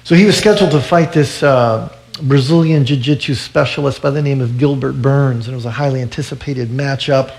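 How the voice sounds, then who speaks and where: Earnest male preacher, halting restarts. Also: mid-range voice, gravelly, a little mellow. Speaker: pastor. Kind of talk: sermon.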